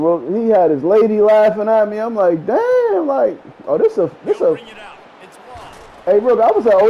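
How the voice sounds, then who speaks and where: A man streaming a football video game, trash-talking loudly and boastfully with plenty of profanity. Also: high-pitched, muffled recording. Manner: boastful, profane, loud, laughs a lot. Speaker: gaming streamer. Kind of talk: loud trash-talking gameplay commentary.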